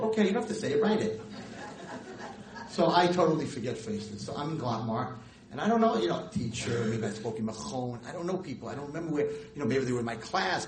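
A middle-aged man, a rabbi and teacher telling stories in a lecture, animated and jumping high and loud when acting out scenes. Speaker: rabbi and girls' school teacher. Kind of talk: storytelling lecture to an audience. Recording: roomy hall with faint noise.

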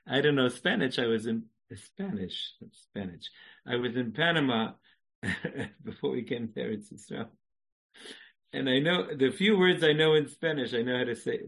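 Husky-voiced man giving a religious class. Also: mid-range voice, fairly bright tone. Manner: chatty, laughs at his own jokes; mixes Hebrew and Yiddish phrases into his talk. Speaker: Jewish lecturer.

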